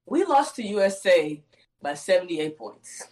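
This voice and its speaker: A woman's voice: lowish voice, big pitch swings, measured pace, darkish tone, rough recording. Boastful, teasing Nigerian woman co-host. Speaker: podcast co-host. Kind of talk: casual podcast chat.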